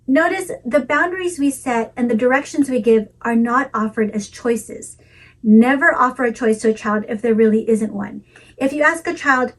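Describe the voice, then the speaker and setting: A woman giving a calm, measured talk with practical tips for parents, in a melodic teaching delivery. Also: a little high, recorded from a distance, low-quality recording. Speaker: parenting educator. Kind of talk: scripted instructional talk.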